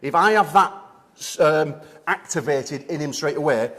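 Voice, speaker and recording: Brief: man, coach type, slightly winded, slightly higher voice, keeps asking "okay?" during a gym seminar demo. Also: normal speed. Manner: energetic, coaching with frequent "okay?" check-ins. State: out of breath. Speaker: arm wrestling coach. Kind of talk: instructional seminar demonstration.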